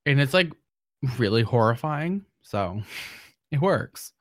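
A man in casual conversation about horror films, animated and quick to react. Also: mid-range voice, no room sound, studio quality. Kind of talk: casual film discussion.

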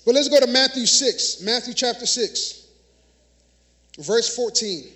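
In the church sanctuary, a minister with a very high-pitched, pushed and bright voice delivers an animated but unhurried sermon. He keeps it conversational, laughing often and sprinkling in "y'all" and "right?" as he has the congregation repeat words in call-and-response.

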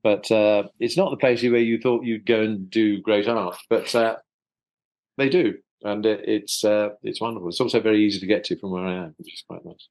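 A man's voice: on the low side, steady tone, moderate pace, darkish tone, low-quality recording. An older actor from South London chatting in an interview over a video call, hesitant and repeating his words, often chuckling. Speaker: actor guest. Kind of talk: casual interview chat.

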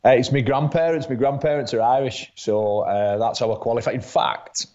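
A chatty man speaks as an interview guest at a mid pitch, often repeating words as he restarts. The recording sounds dull and lo-fi. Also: fairly even intonation, normal speed, darkish tone. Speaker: guest rugby league player. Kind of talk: casual interview chat. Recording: dull lo-fi audio.

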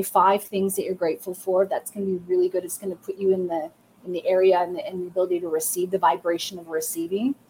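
Woman, livestream psychic reader, encouraging, talks straight to viewers, faint ambient noise. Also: lowish voice. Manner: warm encouraging talk, addresses viewers directly. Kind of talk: live psychic reading livestream.

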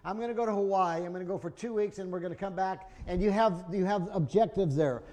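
A man's voice: sits high, quick pace, darkish tone. A middle-aged man preaching a sermon, earnest and emotional, often restarting his sentences.

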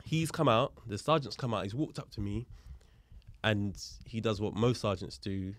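A man, a guest on a podcast, telling a story in a lively, casual way and acting out the other people's voices, with street slang and swearing. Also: on the low side, normal speed, no echo. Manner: animated, acts out the voices of people in his story. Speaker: podcast guest, police officer.

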